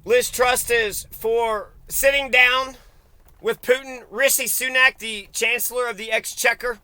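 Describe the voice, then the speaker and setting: A man's voice: very high voice, fairly even intonation, unhurried, pushed and bright, clean tone, no echo. A man giving a crude, profane and mocking solo political rant. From United States. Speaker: political commentator.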